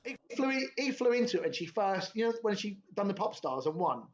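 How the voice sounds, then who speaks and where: A man's voice: sits high, sing-song, a little fast. A young man, telling a rambling, sweary story in laddish podcast chat. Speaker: podcast host. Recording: dull lo-fi podcast audio.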